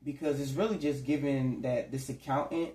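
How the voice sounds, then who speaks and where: A man's voice: mid-range voice, steady tone, moderate pace, warm tone. A man giving a casual, rambling tarot reading to his audience. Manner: rambling, conversational, slips into acted quotes. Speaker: tarot reader. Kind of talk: casual spiritual reading to camera. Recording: echoey room.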